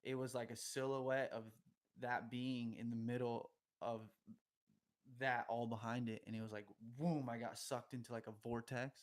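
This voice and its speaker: A man's voice: medium pitch, level tone, moderate pace. A young man telling a long story on a podcast in a casual, slangy, rambling way, often laughing as he goes.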